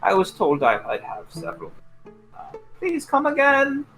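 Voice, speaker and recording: A man's voice: very high-pitched, huge pitch swings, moderate pace, fairly bright tone, soft background music, voice pushed up, exaggerated voice, poor audio. A man voicing a nervous, wary resident answering an intercom in a tabletop game. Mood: flustered.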